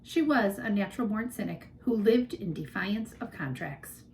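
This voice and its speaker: A woman reads a children's novel aloud with expressive, lively storytelling. Her voice sits at a middle pitch, with a faint hum of background noise. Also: normal speed, poor audio. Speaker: reader. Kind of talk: audiobook narration for children.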